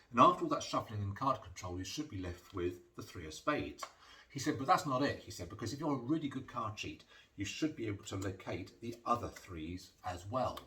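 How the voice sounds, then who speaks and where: A magician talks through card tricks as patter, chatty and storytelling, with dry, self-mocking asides. His low, sharp-toned voice is recorded from a distance, off the mic, with music playing behind and slight background noise.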